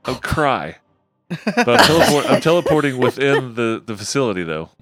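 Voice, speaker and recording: Lively young man playing a tabletop game. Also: mid-range voice, normal speed, no echo. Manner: laughing, animated, jokey. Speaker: player. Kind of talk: tabletop role-play, in and out of character.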